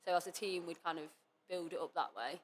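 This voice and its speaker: A woman's voice: on the low side, fairly quick, slight background noise. A young woman guest on a casual podcast, chatty and full of fillers, quoting herself as she recalls things. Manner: chatty, lots of fillers and self-quotes. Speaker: guest cheerleader.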